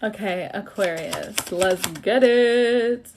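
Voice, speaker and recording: A woman's voice: medium pitch, slow, noisy background. A young woman giving a casual tarot reading on a livestream, blunt and chatty, apologizing for the bad news she delivers. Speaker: tarot reader.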